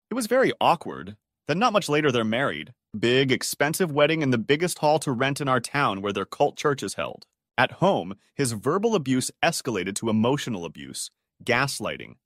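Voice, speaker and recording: A man reading online stories aloud as scripted narration, steady with sudden pitch jumps. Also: dry recording, clean studio sound.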